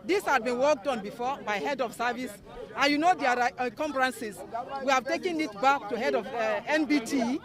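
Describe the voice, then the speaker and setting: A woman with a Nigerian accent, a government education director, calmly explaining official steps to protesting students outdoors. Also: sits high. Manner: measured, bureaucratic explanations. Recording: outdoor crowd noise.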